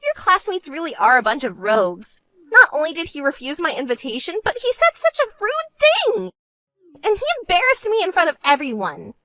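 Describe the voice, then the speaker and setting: A woman voicing a vain, self-centered young woman who talks in a smug, whiny way and turns shrill when angry, in an animated story. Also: moderate pace, soft background music, exaggerated voice. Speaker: bride-to-be sister.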